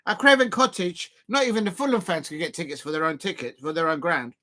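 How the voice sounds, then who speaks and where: A man hosting a live football fan channel, reacting excitably as he swings between joking asides and despairing outbursts. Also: fairly high pitch, quick pace. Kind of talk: live watch-along reaction.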